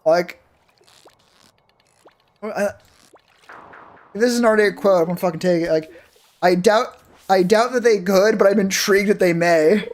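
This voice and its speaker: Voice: mid-range voice, normal speed, long pauses, darkish tone. A game streamer chatting casually with viewers while playing, rambling and swearing freely. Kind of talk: casual live-stream chat while gaming.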